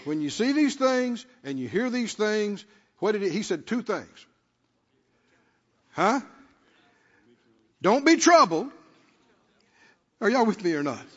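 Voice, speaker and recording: Male preacher, high and fervent, muffled recording with long church echo. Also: sing-song, slow pace, pauses often. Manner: calls out to the congregation, rising to shouts. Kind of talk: sermon.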